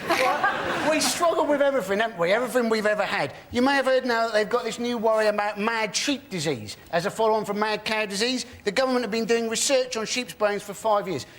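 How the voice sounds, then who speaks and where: A male comedian trades dry, sardonic jokes on a panel show. His voice is very high for a man. Clear noise sits under the studio sound. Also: fairly quick. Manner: sardonic, deadpan storytelling. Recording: noisy studio.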